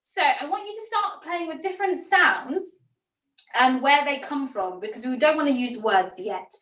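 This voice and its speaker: A woman, a theatre director leading an online acting workshop, talking in a lively, demonstrative way. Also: sits high, moderate pace. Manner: lively, demonstrative, laughs often. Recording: echoey room, mic at a distance.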